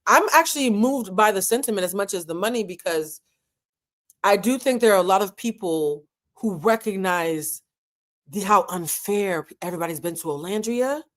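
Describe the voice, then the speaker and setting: A woman commenting on a reality show in a candid, emotional way, with dramatic pauses and moments of being moved. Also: mid-range voice, animated, a bit bright.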